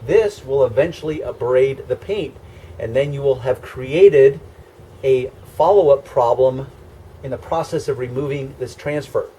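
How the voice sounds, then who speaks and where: A man's voice: mid-range voice, unhurried, mellow, slightly rough. A man teaching car scratch repair in a hands-on demonstration, explaining step by step in a conversational, emphatic way. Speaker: car detailing instructor.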